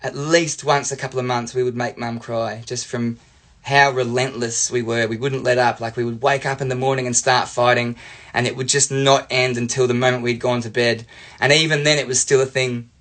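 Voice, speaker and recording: A young Australian man, a life coach, telling a playful childhood story in an animated way. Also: medium pitch, moderate pace. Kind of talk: storytelling monologue.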